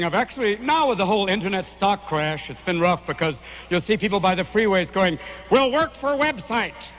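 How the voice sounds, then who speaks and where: A manic stand-up comedian in his forties riffing before a big live crowd in a huge venue. His voice runs high and bright, and he keeps jumping into yelps and quick character voices. Faint noise sits under the recording. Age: 40s. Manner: manic, rapid-fire, constantly switching voices.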